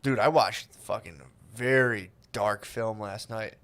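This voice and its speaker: A man's voice: lowish voice, fairly even intonation, takes it slowly, fairly bright tone. A young man co-hosting a podcast in casual comedic banter, rambling, swearing freely and putting on voices for jokes. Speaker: podcast co-host.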